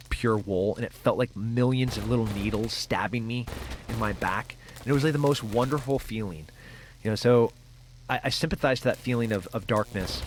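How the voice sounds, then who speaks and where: A middle-aged man as a guest, telling a personal story in a casual interview, halting with many fillers and restarts. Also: on the low side, a little hiss or hum.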